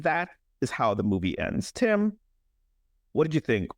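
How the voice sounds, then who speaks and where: A young man co-hosting a horror podcast, recapping a movie in a casual, animated way, joking and laughing. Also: medium pitch, a little slow, pauses often, no room sound, clean studio sound. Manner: animated storyteller, jokes and laughs. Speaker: podcast co-host.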